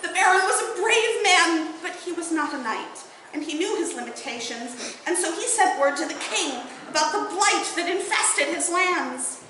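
Woman storyteller telling a fairy tale out loud, bright and lively, lots of hall echo, faint background hum. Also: very high voice, moderate pace, few pauses. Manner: expressive, lilting. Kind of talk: oral storytelling at a bardic gathering. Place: indoor event hall, live audience. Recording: very echoey hall.

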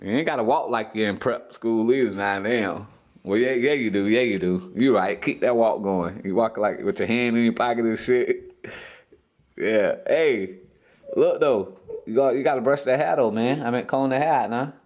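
A man's voice: mid-range voice, moderate pace, a little mellow. A man, a father hosting a casual family vlog at home, ribbing his kids with profane jokes and frequent laughs. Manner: teasing, profane, joking banter.

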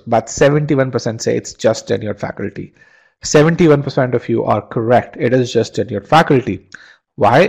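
A man's voice: mid-range voice, low-quality recording. A man teaching a live online test-prep webinar, asking the class questions and restarting phrases with repeated words.

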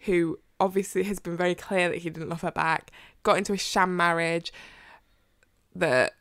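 A young woman co-hosting a podcast, chatting casually and excitably about a book, swearing freely and acting out her reactions. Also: fairly low pitch, moderate pace, no echo, studio quality. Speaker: podcast co-host.

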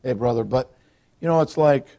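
A man's voice: medium pitch, normal speed, dark tone. A middle-aged man preaching a folksy sermon as pastor, acting out what people say. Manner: folksy preaching, acts out quotes.

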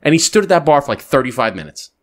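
A man hosting a podcast, telling a story in a casual, animated way, swearing freely and adding quick asides. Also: a little high. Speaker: podcast host.

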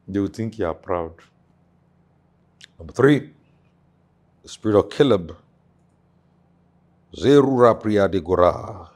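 Husky-voiced preacher swinging to shouts. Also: male voice. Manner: swings between low murmurs and shouted exhortation. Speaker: pastor. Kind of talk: sermon.

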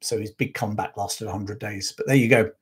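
A man's voice: fairly low pitch, fairly even intonation, fairly quick, slightly rough. A man hosting a live history show, telling stories in a rambling way, often correcting himself. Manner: rambling, self-correcting storyteller with many fillers. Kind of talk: live-stream history talk.

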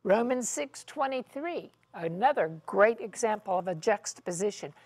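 A woman's voice: medium pitch, animated, normal speed, a little mellow. A woman teaching in a televised Bible study discussion, with emphatic, dramatic preaching delivery. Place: television studio set.

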